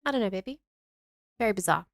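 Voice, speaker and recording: A woman co-hosting a podcast in casual chat, giggly and playful, with quick reactions and interjections. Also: medium pitch, lively intonation, no echo. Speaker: podcast co-host.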